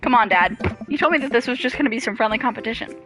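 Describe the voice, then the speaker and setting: A woman voicing a deadpan, sardonic teenage daughter in a game, in close to her own voice. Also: on the high side, racing, music in the background, lightly acted.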